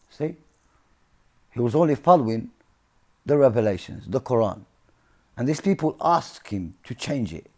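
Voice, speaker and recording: A man's voice: mid-range voice, big pitch swings, moderate pace, pauses often, darkish tone. A man explaining scripture in an informal talk, earnest and often checking in with his listeners. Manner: earnest, keeps checking in with "yeah?" and "see?". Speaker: religious commentator.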